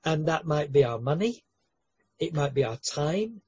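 A man's voice: on the high side, big pitch swings, a little slow, darkish tone, husky, no room sound. A man preaching a sermon in an earnest way, with light humorous asides and frequent word repetitions and restarts.

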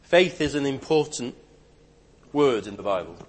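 A man preaching a sermon, swinging between loud emphatic declarations and quiet, hushed asides. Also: medium pitch, lively intonation, normal speed.

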